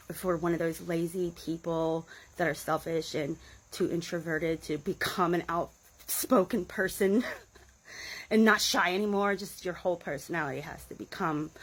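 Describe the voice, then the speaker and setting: A woman in her forties, a vlogger, tells the camera a rambling, sardonic story about her past in a cult, laughing often and tossing in side remarks. Her voice is lowish with a fairly bright tone, and the audio quality is poor.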